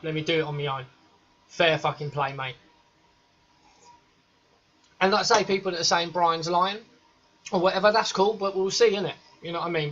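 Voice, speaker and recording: A man's voice: a little high, a bit bright. A man reacting to a video clip, talking in a sweary, slangy, emphatic way. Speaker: reaction vlogger. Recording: dull lo-fi recording.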